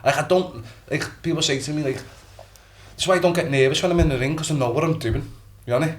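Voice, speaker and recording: Fast-talking Liverpool man. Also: a little high. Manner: rambling, swears often, fast bursts. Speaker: boxer guest. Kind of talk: casual chat.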